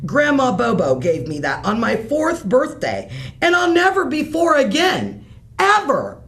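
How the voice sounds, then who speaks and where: A woman's voice: sits high, wildly swooping pitch, unhurried, a bit bright, pitched above the performer's own voice, exaggerated voice. A woman reading a bedtime story aloud, voicing a dramatic, stubborn young boy who whines and bargains over his toys. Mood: bargaining. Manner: whiny, dramatic, pleading.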